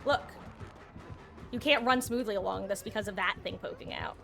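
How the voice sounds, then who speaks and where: A woman's voice: medium pitch, normal speed, gravelly, fairly bright tone, faint music behind. A woman streaming a multiplayer game, chatting casually with viewers and teammates and laughing often. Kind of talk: casual gameplay commentary.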